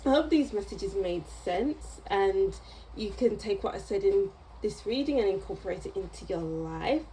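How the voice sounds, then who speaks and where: A woman's voice: medium pitch, expressive, normal speed, mellow, a little hiss or hum, rough recording. A woman giving a casual tarot reading to camera, chatty and meandering, with small laughs as she goes. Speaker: tarot reader.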